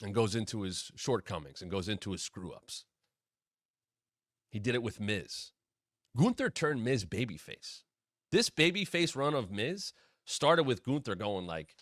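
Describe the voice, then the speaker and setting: A man's voice: mid-range voice, animated, moderate pace, bright, forceful tone, dry recording, clean studio sound. A man hosting a wrestling podcast, talking in a blunt, opinionated way with casual swearing. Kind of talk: opinionated commentary.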